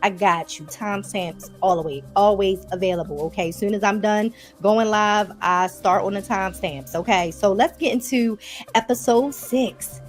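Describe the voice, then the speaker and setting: A woman's voice: medium pitch, moderate pace, faint music behind. A woman with a Baltimore accent, chatting casually to her viewers as she recaps a TV episode. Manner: chatty, addresses viewers as y'all. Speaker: TV episode reviewer.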